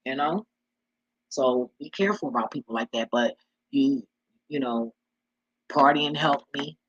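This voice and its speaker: A blunt speaker, talking straight into the mic in a husky, slightly breathy voice. The delivery is preachy, profane street talk in a loose casual monologue, and the sound is close and dry with no room around it. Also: mid-range voice, unhurried, fairly bright tone, dry recording, muffled recording. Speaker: vlogger giving life advice.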